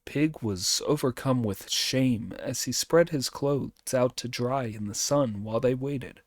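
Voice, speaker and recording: Male audiobook narrator, slow and expressive, dry close mic. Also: medium pitch, dry recording. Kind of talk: audiobook reading.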